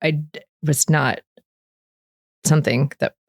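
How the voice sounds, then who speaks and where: Taking her time, a middle-aged woman earnestly describes her recovery in a candid interview and often performs what she and others said. Her voice is low with vocal fry, and the studio recording is clean with no echo.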